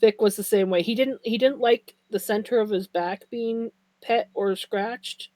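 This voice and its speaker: Soft-spoken woman, playful and unhurried. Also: medium pitch, steady tone, no room sound, low-quality recording. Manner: voices the dogs' thoughts playfully. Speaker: guest on the stream. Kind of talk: casual chat.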